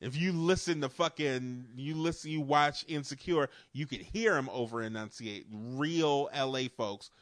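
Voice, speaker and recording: A man's voice: medium pitch, unhurried, hardly any pauses, no room sound, clean studio sound. A man co-hosting a casual chat, who lives in a port city and talks with frequent laughs, restarts and casual swearing. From New Orleans area. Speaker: podcast co-host.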